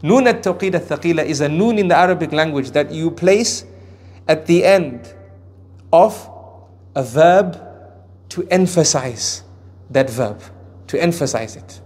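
A man preaching a sermon on Quran verses. He swings between raised emphasis and hushed asides, and recites Arabic phrases with careful pronunciation. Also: a little high, lively intonation, measured pace, long pauses, slight background noise. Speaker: Islamic preacher.

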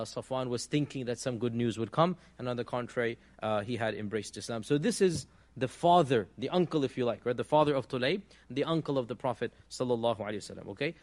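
A man teaching a religious class, explaining patiently and checking in with his listeners, often pausing on fillers. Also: mid-range voice. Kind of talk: classroom lecture.

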